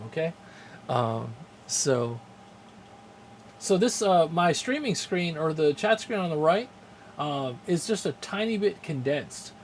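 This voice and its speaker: A man's voice: fairly high pitch, a little hiss or hum. Chatty, rambling male game streamer. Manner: rambling, chuckles often, greets chat viewers. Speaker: streamer hosting a game channel. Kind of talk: casual live-stream chat.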